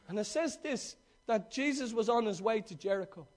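High voiced preacher guy, emphatic storytelling, keeps repeating, asks the crowd questions. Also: animated, moderate pace, darkish tone. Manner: addresses the congregation directly. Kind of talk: sermon.

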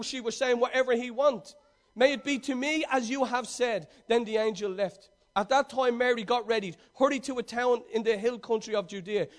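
A man with a very high voice preaches a sermon, reading scripture aloud and then retelling it. His delivery swings between loud emphasis and quiet asides.

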